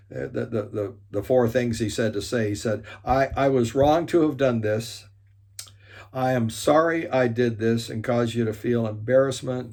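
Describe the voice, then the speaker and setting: A man in the middle of a spoken talk, telling a story and acting out the quoted dialogue with animated energy. His pitch sits in an ordinary middle range, and he often stumbles into restarts and fillers as he goes. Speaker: speaker and leadership teacher.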